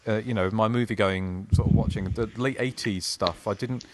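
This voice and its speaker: A man's voice: lowish voice, steady tone, normal speed, noisy background. A man hosting a podcast, chatting casually and reading listener emails aloud. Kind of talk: casual chat.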